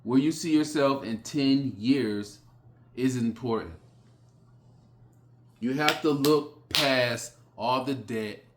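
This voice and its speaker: A man giving a blunt motivational speech, repeating short phrases with sudden forceful rises. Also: mid-range voice, slight background noise. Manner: blunt, repetitive, hammering phrases; slow, emphatic delivery with sudden loud rises. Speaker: motivational speaker.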